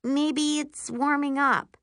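A woman's voice: sits high, steady tone, takes it slowly, a bit bright, dry recording, clean studio sound, voice pushed up, heavily acted. A woman voicing an earnest young sister. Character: younger sister, girl, earnest, sleepless worrier. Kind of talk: audiobook character voice.

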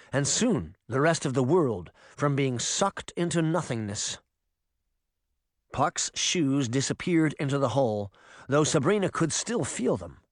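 A man reading an audiobook in expressive storytelling narration. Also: medium pitch, dry recording, studio quality. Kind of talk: scripted narration.

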